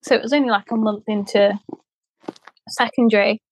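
A woman's voice: medium pitch, fairly even intonation, normal speed. A young woman co-hosting a casual chat show, rambling through stories with frequent laughs. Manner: chatty, laughs often, rambling asides. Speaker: podcast co-host.

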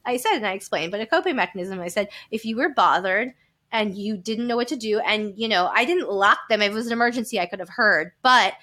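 A woman in her thirties, a podcast guest, speaking frankly and with animation and quick laughs. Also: medium pitch, pushed and bright. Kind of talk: candid conversational storytelling.

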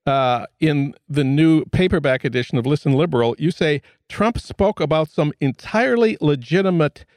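A male radio host from Minnesota, asking questions in a wry, measured way. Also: a little high, expressive, darkish tone, no room sound, studio quality. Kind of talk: radio interview.

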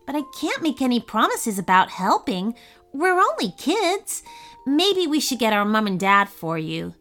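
A woman's voice: fairly high pitch, huge pitch swings, a little slow, a bit bright, faint music behind, heavily acted. A woman doing a cautious, sensible young boy. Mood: reasoning. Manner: careful, reasoning, protective. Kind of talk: storybook reading.

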